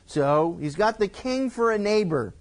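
A man's voice: high-pitched, animated, measured pace. A male pastor works through scripture verse by verse, stopping to explain in plain everyday words. His delivery is conversational, with casual asides and restarts. He sounds like he is teaching a congregation.

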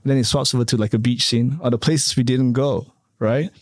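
A man's voice: mid-range voice, fairly even intonation, brisk, darkish tone, dry recording, studio quality. A man being interviewed in a casual chat, rambling with many fillers and tag questions. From Canada. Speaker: interview guest, hotel developer.

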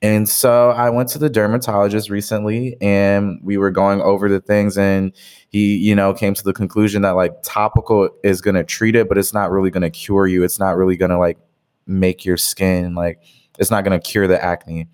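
Deep-voiced young man chatting loosely. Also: flat delivery, moderate pace, darkish tone, clear, resonant tone. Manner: rambling, heavy use of "like". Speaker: podcast co-host. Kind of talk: casual chat.

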